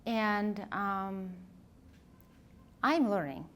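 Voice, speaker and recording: A woman leadership coach and author, speaking as an interview guest in a thoughtful, heartfelt way, often pausing to search for words. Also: medium pitch, darkish tone. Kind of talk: reflective conversational interview.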